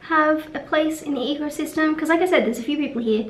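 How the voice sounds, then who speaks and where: A woman's voice: sits high, quick pace, echoey room, poor audio. A young woman vlogging, talking frankly in a rambling way, swearing and trailing off. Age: young adult. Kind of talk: casual vlog monologue. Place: room at a conference venue.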